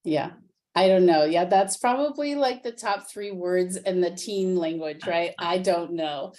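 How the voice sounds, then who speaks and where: Low-voiced woman coach giving calm earnest parenting advice. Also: measured pace. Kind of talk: interview answers.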